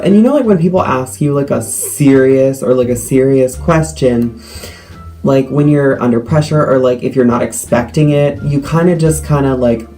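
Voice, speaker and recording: A teenage boy telling a story to the camera in a rambling way, full of "like" and quick asides. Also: mid-range voice, low-quality recording. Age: teens. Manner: rambling with many likes, animated retelling. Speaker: vlogger.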